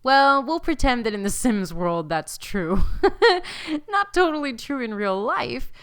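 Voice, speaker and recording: A woman's voice: a little high, big pitch swings, moderate pace, a bit bright, clear, resonant tone. A young woman casually commenting on her own gameplay, chatting to her sims, reading the game text aloud and laughing often. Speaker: let's play host.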